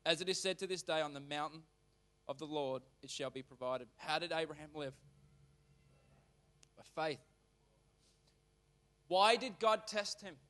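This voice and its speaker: A man preaching as a pastor in church. He reads scripture aloud, then explains it in a casual, animated way, turning suddenly loud or quiet. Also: fairly high pitch, measured pace, long pauses. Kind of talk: sermon reading and explaining scripture.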